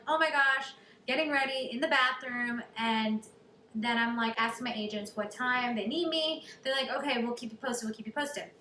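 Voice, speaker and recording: A young woman tells her own story in a chatty, animated vlog style. Her voice is bright and slightly high. The room is echoey, with a faint hiss behind her. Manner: chatty, animated, many likes. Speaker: vlogger. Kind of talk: storytelling to camera.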